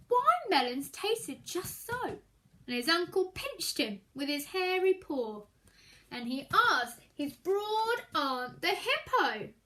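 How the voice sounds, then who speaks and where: Rich: A woman reading a children's story aloud with expressive delivery, pausing to explain words for young listeners. Her voice sits very high and moves in a lively way at an unhurried pace. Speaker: storytime reader.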